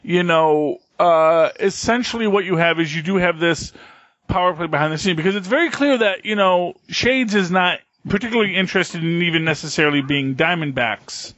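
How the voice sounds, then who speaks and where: Rambling podcast co-host, dry lo-fi sound. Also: male voice, high voice, normal speed, fairly bright tone, no room sound. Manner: rambling, many fillers and restarts. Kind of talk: casual chat. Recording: dull lo-fi podcast audio, dry.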